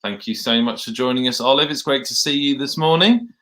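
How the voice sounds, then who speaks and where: A man hosts a school morning livestream, chatting casually and greeting viewers. His voice is bright and forward, pausing with small "uh"s as he reads out names. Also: medium pitch. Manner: friendly, with "uh" pauses while reading out names. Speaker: teacher hosting a school livestream. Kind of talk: casual chat.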